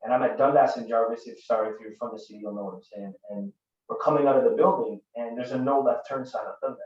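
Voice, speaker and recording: A man's voice: mid-range voice, fast. A man in his thirties from Canada, giving an earnest, conversational talk built on personal stories. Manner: earnest, conversational, grows forceful. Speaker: guest speaker. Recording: distant roomy lo-fi recording.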